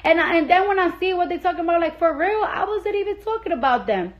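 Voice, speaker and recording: A woman's voice: extremely high pitch, lively intonation, fast, dull audio, slight background noise. A young woman ranting heatedly into her phone on a live stream, swearing constantly and repeating herself for emphasis. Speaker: celebrity on a social media live stream. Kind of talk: angry profane rant.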